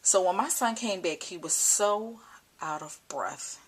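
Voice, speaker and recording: A young mother talking to the camera at home, emotional and choked up, halting and repeating herself. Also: lowish voice, expressive, husky. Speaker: mother vlogger. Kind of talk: personal vlog talk. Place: at home indoors. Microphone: camcorder built-in mic.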